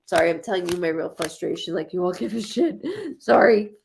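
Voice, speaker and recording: Gravelly-voiced woman psychic streaming live. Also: lowish voice, a little fast, noisy background. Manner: blunt, repeats herself, swears casually. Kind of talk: casual live-stream chat reading viewer comments.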